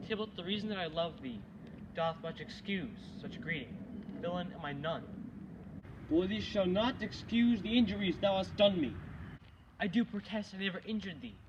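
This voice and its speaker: A young man, a student actor, reciting Shakespearean street-quarrel scenes in a quick exchange. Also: high voice, natural voice. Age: young adult. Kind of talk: amateur Shakespeare scene acting. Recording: dull lo-fi recording with loud noise.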